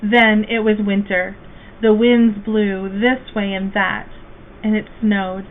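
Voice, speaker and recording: A woman reading a children's storybook aloud as a guest reader, slow, gentle and expressive. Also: mid-range voice. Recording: tinny phone-like, faint hiss.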